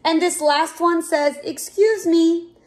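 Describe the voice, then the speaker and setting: A woman's voice: very high-pitched, fairly even intonation, slow, a little mellow, a little hiss or hum, pitched above the performer's own voice. A woman voicing a patient mother bear who kindly teaches her cub manners in a storybook. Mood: teaching. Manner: kindly, instructive.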